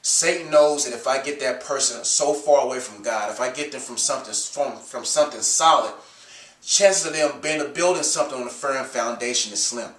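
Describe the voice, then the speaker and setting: A congested man gives earnest, preachy advice about faith and emotions, pausing on fillers as he goes. He stands off the mic, and the room around him rings with echo. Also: medium pitch, fairly bright tone, far from the mic. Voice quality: nasal. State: stuffed up from a cold. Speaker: Christian video host. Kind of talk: casual faith advice talk.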